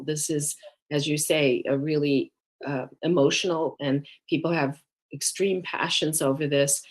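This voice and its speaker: A woman serving as mayor pro tem, speaking in a measured, cautious way with many pauses at a council meeting. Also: low voice.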